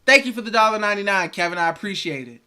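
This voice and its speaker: A man's voice: high voice, animated, racing, pushed and bright, clean tone. Exasperated man ranting on a livestream. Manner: exasperated, repeats phrases for emphasis. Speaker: sports livestream host. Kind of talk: live-streamed sports rant.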